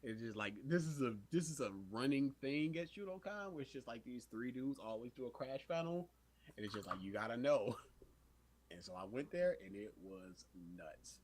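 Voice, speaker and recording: A man's voice: medium pitch, moderate pace, slight background noise. A young man co-hosting a podcast, telling a story in casual chat, acting out the voices of others and laughing often. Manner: animated storyteller, acts out quotes, laughs often. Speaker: podcast co-host.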